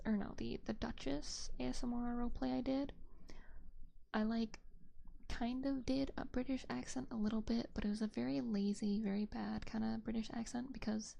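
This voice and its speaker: A young woman streamer chatting softly into a binaural mic, a rambling, whispered casual chat full of fillers. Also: on the high side, vocal fry. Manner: soft, rambling, with frequent fillers and light laughs. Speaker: VTuber ASMR streamer. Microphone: binaural dummy-head mic.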